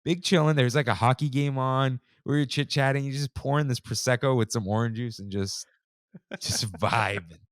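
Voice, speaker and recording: A man in his thirties co-hosting a podcast in a relaxed, slangy chat style, saying "dude" and "like" often. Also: medium pitch, moderate pace, dry recording, studio quality. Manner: laid-back, slangy, says "dude" and "like" often. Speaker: podcast co-host. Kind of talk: casual chat.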